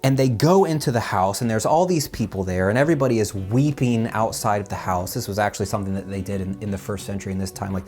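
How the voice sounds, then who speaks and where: A man teaching a children's Bible lesson in a casual, animated storytelling way, with big swings in pitch. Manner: casual, with fillers and restarts. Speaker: children's minister.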